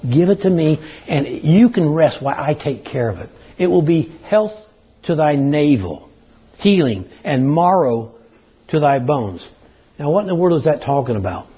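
A man's voice: on the high side, big pitch swings, normal speed, husky. A man preaching a sermon to his congregation, folksy and plain-spoken, addressing them as y'all, with a dry throat. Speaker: pastor. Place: church service. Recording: tinny phone-like sound.

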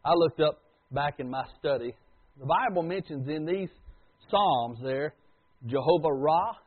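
A husky, slightly high-voiced man preaches, swinging between booming declarations and near-whispered asides. The sound is thin and tinny, like a phone line. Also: unhurried. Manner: dramatic swings from loud to hushed. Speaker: pastor. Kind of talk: sermon.

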